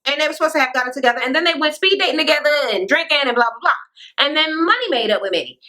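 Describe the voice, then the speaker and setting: Bright, profane woman ranting a TV recap. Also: sits high, animated, racing, low-quality recording. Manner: blunt, sassy and heavily profane; sarcastic asides to the viewer. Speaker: reality TV recap vlogger.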